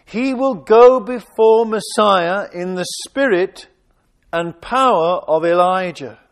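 A man with a high voice delivers a sermon at an unhurried, measured pace. He reads scripture aloud with dramatic emphasis and pauses for reflective asides. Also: creaky. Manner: slow, deliberate reading with dramatic emphasis and asides. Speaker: preacher. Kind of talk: sermon reading and expounding scripture.

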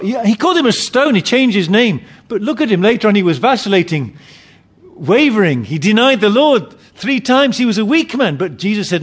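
A man's voice: high-pitched, big pitch swings, moderate pace. Man preaching a sermon, swoops up and down a lot, keeps restarting words. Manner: emphatic, repeats and restarts phrases.

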